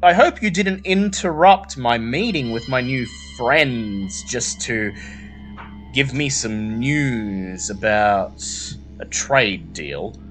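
A man's voice: medium pitch, expressive, slow, fairly bright tone, soft background music. A man voicing a jovial, pompous male vampire prince, speaking in a grand, theatrical way.

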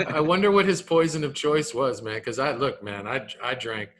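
A man in his thirties co-hosting a casual podcast, animated and repeating his words, tagging "man" onto his sentences. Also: mid-range voice, a little slow, a little hiss or hum. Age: 30s. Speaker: podcast co-host.

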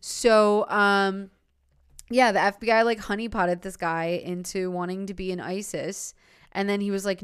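A woman's voice: medium pitch, steady tone, a little slow, clear, resonant tone, no room sound, studio quality. A woman hosting a podcast who tells a story in a rambling, casual way, with lots of fillers and laughter. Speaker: podcast host.

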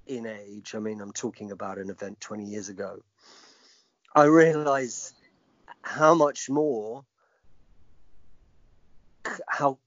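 Speaking as an interview guest, a middle-aged man recounts a personal story in a gravelly, low-leaning voice, emphatic and reflective as he acts out what people said. The lo-fi recording sounds dull and dry, with no room sound.

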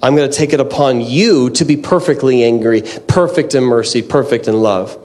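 A man preaching a conversational, animated sermon with candid self-deprecating asides. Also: mid-range voice, moderate pace. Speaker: pastor.

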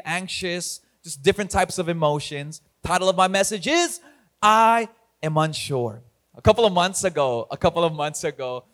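A man's voice: a little high, fairly bright tone. A man preaching an online church sermon as pastor. He talks energetically to his viewers and often laughs at himself.

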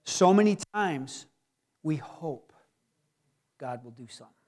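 A man preaching a sermon as pastor, animated, acting out the inner voices of his listeners. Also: on the high side, unhurried.

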